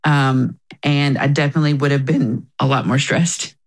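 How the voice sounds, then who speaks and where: A woman's voice: a bass voice, steady tone, normal speed, rough recording. A woman talking as an interview guest, telling her personal story in an earnest, reflective way and often quoting herself and others.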